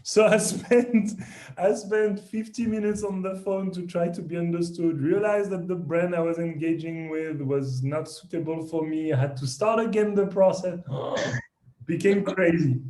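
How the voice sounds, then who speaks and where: A French man with a French accent, a company founder, is interviewed on a podcast, speaking lively and self-deprecatingly with frequent restarts. His voice is a little high, his pace moderate, and the sound roomy.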